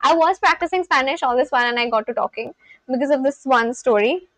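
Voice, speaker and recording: An Indian woman hosts a casual livestream, reading viewers' comments aloud, answering them and laughing often. Her voice is high, fast and a bit bright, with no echo.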